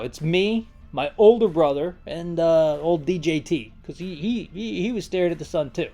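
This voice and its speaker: A man rambles through a movie plot in a loose, jokey rant, wandering into asides and restarting his sentences. His voice sits a little high for a man, with faint music under it. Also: expressive, normal speed, hardly any pauses, mellow. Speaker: host. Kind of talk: comedic movie recap rant.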